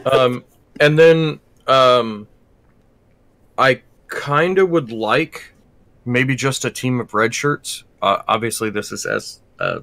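A man chats casually as a player in a tabletop role-playing game, often stopping and restarting his sentences. His tone is bright and forceful. The sound is dry and close. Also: medium pitch, takes it slowly, no room sound. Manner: hesitant, trailing off.

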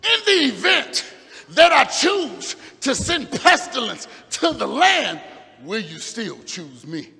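A man preaching and acting out God as a stern male deity who questions his king, shouting with drawn-out emphasis. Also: extremely high pitch, very animated, vocal fry, long reverb tail, faint music behind, heavily acted. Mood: stern, challenging.

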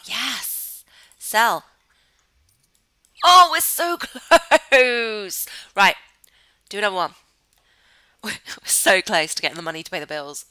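A woman chatting excitably through Let's Play commentary, giggling often. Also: on the low side, creaky, no echo, poor audio. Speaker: gamer host.

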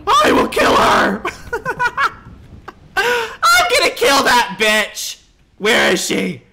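A man's voice: wildly swooping pitch, takes it slowly, creaky, heavy background noise, full character voice. A streamer role-playing a catty, dramatic woman at a wedding in a game, calling everyone darling, profane and theatrical. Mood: outraged. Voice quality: theatrical, swoops high on exclamations.

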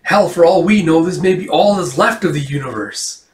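A man's voice: a little high, moderate pace, voice pushed up, lightly acted. A man voicing a big, friendly barbarian who talks in an easygoing, teasing way. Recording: roomy echo, distant from the mic.

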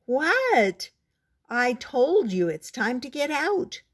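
A woman voicing a young male frog who whines and refuses to learn to swim, in a raised, squeaky voice for a storybook reading. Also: very animated, slow, heavily acted. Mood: whiny. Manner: whining, reluctant.

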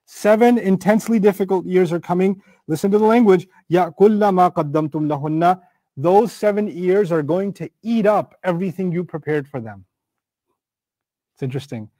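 A middle-aged man teaching a scripture lesson in a conversational, animated way, acting out everyday examples. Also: high voice, moderate pace, no room sound. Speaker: Quran teacher. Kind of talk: explanatory lecture on scripture.

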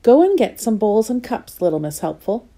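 A woman's voice: on the high side, big pitch swings, moderate pace, dark tone. A woman voicing a bossy, impatient woman who gives orders, in a children's storybook. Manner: commanding and impatient.

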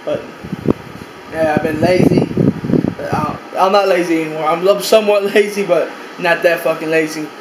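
A man's voice: fairly high pitch, steady tone, moderate pace, reverberant, very noisy. A young man vlogging casually from his bedroom, rambling, swearing a lot and repeating himself. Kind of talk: casual room-tour vlog.

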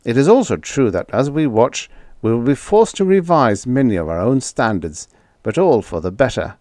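An earnest, solemn male orator, as an audiobook reader plays him, with a low, animated voice. He rolls out the lines like a grand address. The sound is dry and close. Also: no echo, natural voice. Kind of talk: audiobook character voice.

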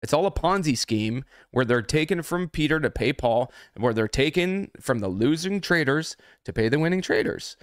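A man's voice: on the high side, animated, normal speed, hardly any pauses, clear, resonant tone, dry recording, clean studio sound. Angry, foul-mouthed man ranting. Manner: angry, heavily profane. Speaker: trading mentor. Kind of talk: livestream rant.

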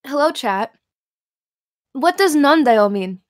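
A woman's voice: high voice, expressive, slow pace. A woman guest on a livestream, chatting casually, giggling a lot, and swearing often. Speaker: guest streamer.

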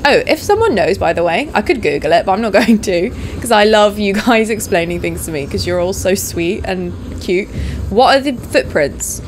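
A young woman playing a video game, chatting casually to viewers and getting excited and swearing as she explores. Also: medium pitch, moderate pace. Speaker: let's play host. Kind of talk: casual gameplay commentary. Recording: background noise under voice.

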